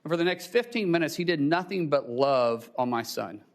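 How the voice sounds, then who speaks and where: A man's voice: fairly high pitch, lively intonation. Nominee, middle-aged man, emotional testimony, stumbling and restarting, voice near tears. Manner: halting, many restarts, chokes up. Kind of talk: emotional personal story.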